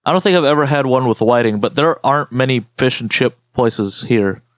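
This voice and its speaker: A young man co-hosting a podcast, ranting and joking in animated, slangy casual chat. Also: mid-range voice, brisk, no room sound. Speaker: podcast co-host.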